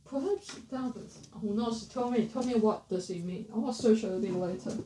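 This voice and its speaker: A woman teaching pronunciation, repeating words slowly and correcting herself as she goes, in a casual lesson. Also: on the high side, mellow, slight background noise. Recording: roomy, slightly distant mic.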